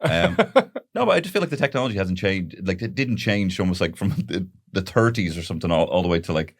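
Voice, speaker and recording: A young Irish man co-hosting a comedy podcast, wandering through his points in a loose, easy way. His voice is low and deep, yet the pitch swings around lively as he talks. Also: brisk. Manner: loose, laughing, meandering. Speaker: podcast co-host. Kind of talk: casual comedic chat.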